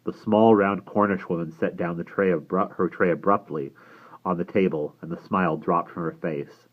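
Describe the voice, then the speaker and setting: A man reading a novel aloud as a storyteller, with a lively, expressive delivery. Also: low-pitched, normal speed. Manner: lively storytelling reader who raises his voice for characters. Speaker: audiobook reader. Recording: tinny phone-like sound.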